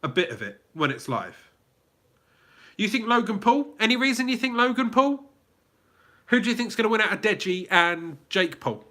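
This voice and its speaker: Hosting a casual live Q&A, a livestream host from England chats, reads viewer comments aloud, and restarts sentences often amid plenty of fillers. He has a southern English accent and a high, bright, forceful voice that swings widely in pitch. His pace is moderate, broken by frequent pauses.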